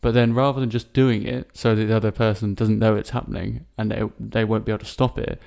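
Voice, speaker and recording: A man's voice: on the low side, fast talker, gravelly. A young man co-hosting a podcast, reviewing a film in casual chat, blunt and swearing freely as he rants. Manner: blunt, swears freely, animated when ranting. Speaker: podcast co-host.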